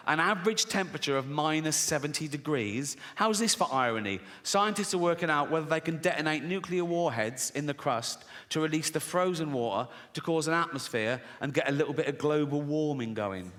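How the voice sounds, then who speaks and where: A man's voice: mid-range voice, a bit bright. A man performing a profane, mocking stand-up comedy routine on a live stage. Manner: profane, mocking, acts out characters' voices. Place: live theatre stage with audience. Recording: reverberant venue with faint ambience.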